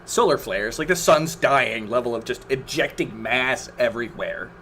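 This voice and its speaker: A man's voice: medium pitch, moderate pace, sharp tone, slight background noise. A man commentating his own gameplay on a live stream, exasperated, swearing and groaning at the game.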